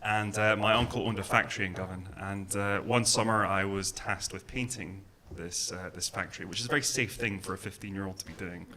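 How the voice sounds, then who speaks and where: A man's voice: sits low, fairly even intonation, fairly quick, few pauses, bright, forceful tone. A man from Glasgow with a mild Glaswegian accent, doing a stand-up comedy set in a club, chatty and self-deprecating with many ums and uhs. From Scotland, Glasgow. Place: comedy club with live audience. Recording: live club set with audience laughter.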